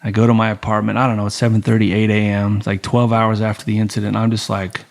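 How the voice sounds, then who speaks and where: Middle-aged male guest, animated yarn-spinner, swears freely. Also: fairly low pitch, fast talker, gravelly. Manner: animated storyteller, acts out voices in quotes, heavy swearing. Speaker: podcast guest, former Navy SEAL and police officer. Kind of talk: casual storytelling.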